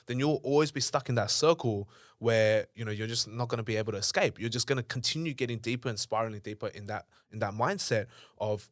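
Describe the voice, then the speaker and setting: With a mid-range, fairly bright voice and a fast delivery, a young Australian entrepreneur chats as a podcast guest. The sound is studio quality without echo. He curses often and reenacts earlier arguments in a raised voice during his casual stories.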